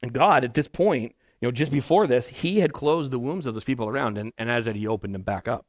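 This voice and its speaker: A man's voice: mid-range voice, quick pace, dry recording, studio quality. A male pastor giving a conversational, verse-by-verse sermon in a church, talking loosely with restarts and asides. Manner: casual and rambling, with many restarts and asides. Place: church sanctuary.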